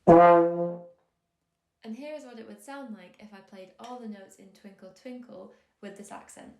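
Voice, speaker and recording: Calm woman teaching in a roomy space. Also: mid-range voice, a little slow, faint music behind. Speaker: music theory teacher. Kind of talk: scripted explanatory narration. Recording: roomy echo on the voice.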